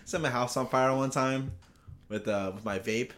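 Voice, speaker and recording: A young man tells a story in a loose, rambling way, swearing freely and breaking into laughter. His voice sits at an ordinary pitch, and the talk is casual. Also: moderate pace, fairly bright tone.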